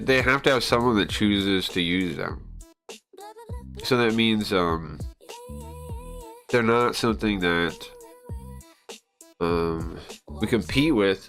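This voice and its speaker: A man's voice: fairly low pitch, a bit bright. A man livestreaming, talking in a casual, rambling way, arguing his opinions and often repeating and restarting phrases. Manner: argumentative, lecturing tone.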